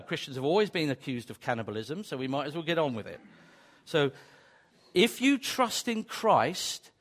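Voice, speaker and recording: A man preaching a sermon, emphatic and repetitive, with joking asides. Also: a little high. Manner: emphatic, repetitive, builds to exclamations.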